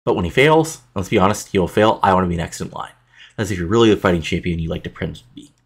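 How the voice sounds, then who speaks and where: A hulking male bully wrestler making threats, as a man puts him on in a game playthrough. The voice is low and the talk fast and pushy. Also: gravelly, slightly rough, exaggerated voice. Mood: threatening.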